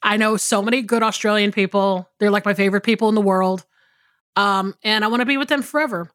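A woman's voice: medium pitch, steady tone, quick pace, a bit bright, no room sound, studio quality. A woman co-hosting a podcast, talking casually and rambling with lots of fillers and restarts. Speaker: podcast co-host. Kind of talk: casual chat.

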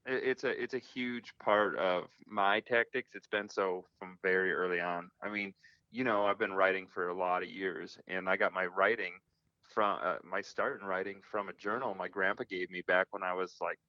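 A hunting guest in a casual interview speaks over a phone line, his low voice steady, sharp, and moderately paced, on a dry recording. He is earnest and reflective and often restarts his sentences.

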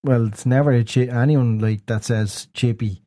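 A man's voice: medium pitch, fairly even intonation, moderate pace, dark tone, no echo. A man with a Dublin Irish accent, co-hosting a podcast in casual banter and telling anecdotes through his own laughter. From Ireland. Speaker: podcast co-host.

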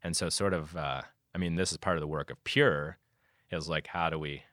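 A man speaking as a conservation guest in a casual conversation, animated and often restarting his sentences. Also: extremely low pitch, moderate pace, no room sound, clean studio sound. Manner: animated, many restarts and fillers.

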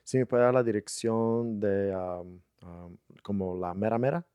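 A man with a low voice co-hosts a casual podcast, telling stories in a relaxed way. He gets animated when he acts out what other people said. The sound is dry and close. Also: moderate pace, smooth, no room sound, highs cut off. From United States. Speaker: podcast co-host. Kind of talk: casual chat.

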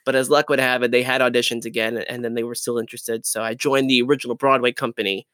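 A young man, a Broadway dancer, chatting as an interview guest, animated and laughing often as he tells stories. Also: medium pitch, fast, no echo, studio quality. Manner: animated, laughs often, restarts and trails off mid-sentence. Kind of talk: casual interview storytelling.

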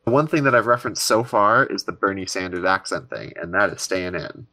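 A man's voice: low voice, lively intonation, brisk, pushed and bright, no echo. A man from Minnesota co-hosting a podcast, chatting casually and upbeat, laughing often. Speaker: podcast co-host. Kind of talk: casual chat.

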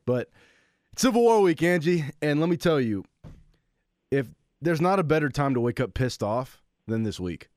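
Animated man telling a sports story. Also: medium pitch, moderate pace, no room sound, clean studio sound. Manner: animated storytelling, acts out his own quotes. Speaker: podcast co-host, former college football player. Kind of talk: casual sports chat.

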